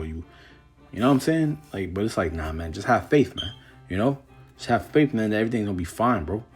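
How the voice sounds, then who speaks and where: A man teaching from the Bible, reading scripture slowly and then explaining it in loose, casual slang. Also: on the low side, dark tone, husky. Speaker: preacher.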